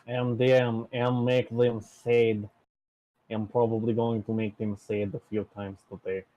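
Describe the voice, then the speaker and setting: A man's voice: medium pitch, little pitch movement, unhurried, dark tone, muffled recording. A man chatting casually as a player in a tabletop game, joking and laughing often.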